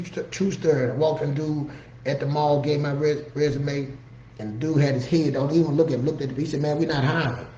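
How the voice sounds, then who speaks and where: A man's voice: a little high, darkish tone, a little hiss or hum. A man speaking earnestly and conversationally, telling motivational stories from his own life and often checking in with the listener. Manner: earnest, conversational, frequent "you know what I'm saying". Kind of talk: motivational storytelling. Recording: roomy, slightly dull recording with faint ambience.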